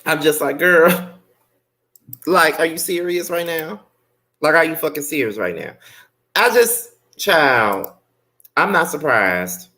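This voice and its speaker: A woman giving a blunt, sassy live recap, swearing freely and breaking into sharp outbursts. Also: lively intonation, slow pace, long pauses. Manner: rants with sudden high-pitched outbursts. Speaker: live-stream show reviewer. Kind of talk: unscripted live recap commentary.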